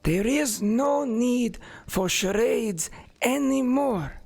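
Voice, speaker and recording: A game master putting on a frail old man in a creaking wheelchair, who talks slowly and gravelly in a high, breathy voice. He is stately and formal, and he pauses often in this tabletop game. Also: lively intonation, darkish tone, full character voice.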